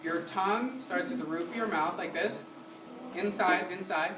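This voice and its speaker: Male music teacher, energetic classroom delivery with quick questions and sung demos; distant, roomy recording with background noise. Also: high voice. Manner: sings short syllables to demonstrate. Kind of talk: classroom lesson. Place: community center room.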